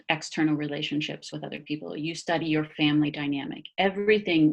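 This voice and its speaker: A woman speaking as a body-mind therapist guest in a casual conversation, animated, laughing often and using many fillers and restarts. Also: sits low.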